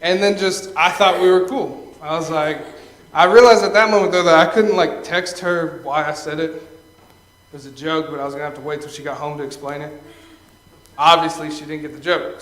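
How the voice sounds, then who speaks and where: A man's voice: on the high side, normal speed, a bit bright. A young man performing a stand-up comedy set, telling stories, tagging lines with "okay?" and laughing at his own jokes. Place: stage at a live venue. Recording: echoey live room.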